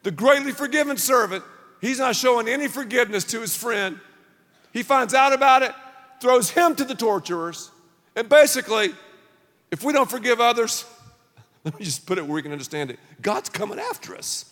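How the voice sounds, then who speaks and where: Animated preacher man in a big hall. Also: extremely high pitch, normal speed. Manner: animated, punchy preaching with call-and-response. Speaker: pastor. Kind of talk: sermon. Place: large church auditorium. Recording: long reverb of a large hall.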